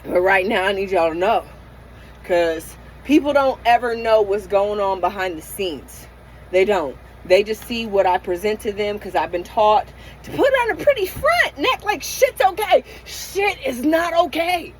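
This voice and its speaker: A woman's voice: mid-range voice, sing-song, moderate pace, slight background noise, rough recording. Middle-aged woman venting raw and profane. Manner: raw, emotional, profane venting with many restarts. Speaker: van-life vlogger. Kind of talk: candid late-night vlog rant. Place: inside her parked van.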